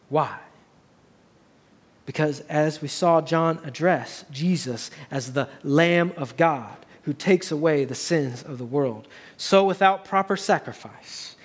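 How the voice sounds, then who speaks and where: High-voiced man preaching a sermon. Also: darkish tone. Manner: earnest preaching, builds to raised emphatic passages. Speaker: pastor.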